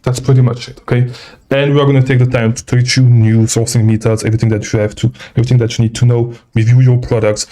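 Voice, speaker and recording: A man's voice: medium pitch, little pitch movement, quick pace, warm tone. Breathless man on a live Q&A. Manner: rambling, repeats okay, reads viewer questions. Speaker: livestream host and seller coach. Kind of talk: casual live Q&A. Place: traveling, indoors.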